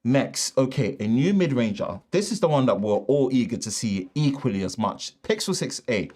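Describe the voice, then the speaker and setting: A man's voice: medium pitch, lively intonation, moderate pace, a little mellow. A man with a Northern English accent hosting a live tech show, reading the news loosely with asides and restarts, recorded on a shotgun mic in a treated home studio. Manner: casual, rambling, reads news with asides and restarts. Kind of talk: live-stream tech chat.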